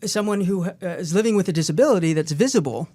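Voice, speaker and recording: A woman's voice: lowish voice, fast, warm tone, husky. A woman co-author on a talk show, speaking emphatically and repeating her key phrases. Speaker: co-author and former co-host.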